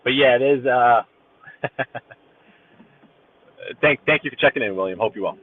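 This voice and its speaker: Driving and live-streaming, this talkative man from Brooklyn chats with his viewers in a New York accent. His voice is mid-range, a bit breathy, at a moderate pace. Recorded inside a car, the audio is tinny and phone-like.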